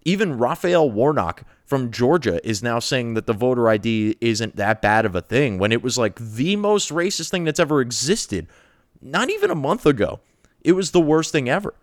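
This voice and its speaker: A man's voice: mid-range voice, very animated, normal speed, dry recording, studio quality. A man hosting a political commentary show, delivering a profane, mocking, sarcastic rant.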